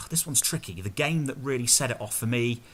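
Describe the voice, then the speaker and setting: Bright-voiced host. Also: male voice, medium pitch, normal speed. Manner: relaxed, conversational, leads the questions. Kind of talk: casual chat.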